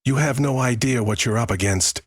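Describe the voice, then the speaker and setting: A man's voice: a bass voice, expressive, measured pace, husky, dry recording, heavily acted. A man voicing a cold, controlling seventy-year-old millionaire in a menacing growl, recorded dry and close. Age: older.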